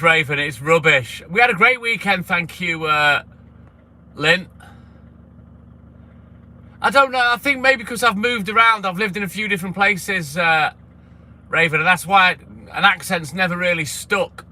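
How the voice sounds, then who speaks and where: A man's voice: high-pitched, a little slow, pushed and bright. A man from the English Midlands with a light Scouse tinge, a milkman chatting casually on a live stream from inside his delivery van and answering viewers by name. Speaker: milkman livestreamer. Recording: vehicle and street noise. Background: engine and traffic noise.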